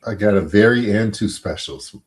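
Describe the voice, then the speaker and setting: A man, a defense attorney being interviewed, answering in a measured, halting way with many pauses and fillers. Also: fairly low pitch.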